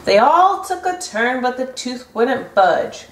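A woman reads a picture book to children, gentle and sing-song, slow and fairly high. She sounds far from the mic in an echoey room. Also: big pitch swings, a little hiss or hum. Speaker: storybook reader. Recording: roomy echo from a distant mic.

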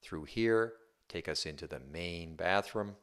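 A male real estate agent with a low, smooth, fairly bright voice leads a viewer through a casual home tour at an unhurried pace. He stays upbeat and chatty, often checking in with "right?".

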